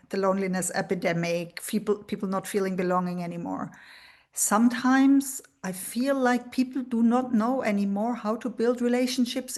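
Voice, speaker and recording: Woman coach talking thoughtfully on a panel, mid pitched voice, over a call. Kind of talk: panel discussion.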